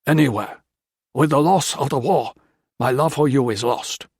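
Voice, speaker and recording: A man's voice: medium pitch, normal speed, a little mellow, breathy edge, no echo, clean studio sound, lightly acted. A man voicing a curt, contemptuous colonel. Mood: curt, cold. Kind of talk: audiobook character voice.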